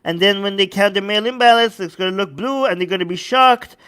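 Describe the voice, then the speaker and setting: A man with a high, smooth and clear voice hosts a live-stream commentary. He reads news snippets aloud, breaks off to answer viewer comments and slips into mocking impressions of people. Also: fairly quick, bright, forceful tone. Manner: sarcastic, mocking impressions of others. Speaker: host.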